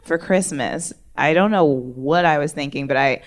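A woman's voice: low-pitched, normal speed. A woman in casual chat, telling a story in a playful way and laughing often.

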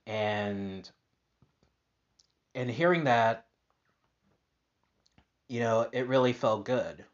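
A man's voice: on the low side, very slow, pauses often, dull audio. A man hosting a casual personal podcast monologue, upbeat and rambling with lots of fillers and restarts. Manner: upbeat, positive. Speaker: podcast host.

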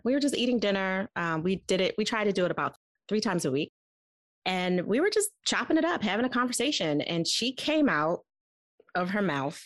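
A woman in her forties telling a personal story as a guest, candid and animated, laughing often as she talks. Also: lowish voice, no room sound.

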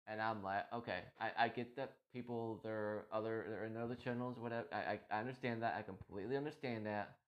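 A man's voice: lowish voice, steady tone, quick pace, hardly any pauses, lo-fi sound. A man talking about his day as a streamer in a casual, emotional, rambling monologue full of restarts. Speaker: streamer and podcast host.

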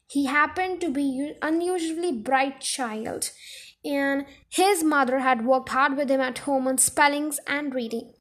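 A woman reading a children's book chapter aloud in a casual, steady way. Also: high-pitched, measured pace. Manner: steady, plain reading with friendly intro. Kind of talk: casual storybook read-aloud.

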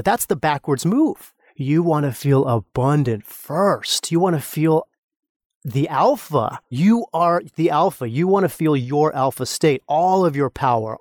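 A man hosting a motivational podcast, a mindset coach, delivers an intense coaching monologue that guides the listener through a visualization, firing off repeated rhetorical questions and calling him brother. His voice is a little high with a darkish tone, recorded clean in a studio with no room sound.

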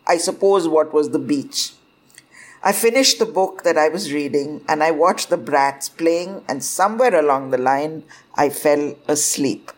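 A woman telling a first-person story in an expressive way, lifting her voice sharply for quoted cries. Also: mid-range voice.

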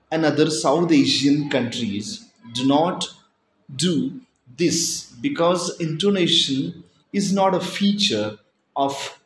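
A man giving a recorded lesson, speaking in slow, deliberate phrases with pauses between them. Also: on the high side, a little hiss or hum. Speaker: teacher. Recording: echoey room with faint ambience.

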